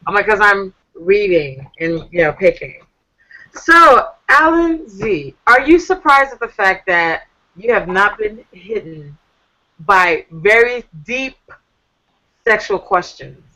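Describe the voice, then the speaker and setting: A woman hosts a live online chat in a bright, forceful voice. She talks with sass and animation, reading viewers' messages aloud. Her voice comes through a laptop or phone mic on a video call. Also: medium pitch, sing-song, takes it slowly, rough recording. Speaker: talk show host. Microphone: computer or phone on a video call.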